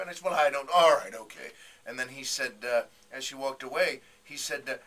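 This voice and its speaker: Bright-voiced man telling a story. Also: mid-range voice, quick pace. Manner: animated, acts out quotes with voices. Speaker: comedian guest. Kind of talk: storytelling anecdote on radio.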